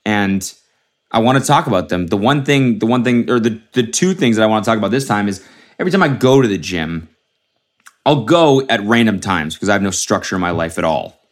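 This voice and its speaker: A young man hosts a solo comedy podcast, rambling and cursing freely while often restarting his sentences. His voice is fairly low in pitch, animated, and a little fast.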